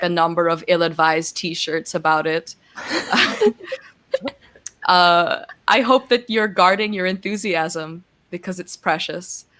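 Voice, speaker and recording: Earnest soft-spoken young woman. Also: fairly low pitch. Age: 20s. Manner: earnest, soft-spoken, with laughs and gushing emotion. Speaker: guest. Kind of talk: reading a heartfelt letter, then casual chat.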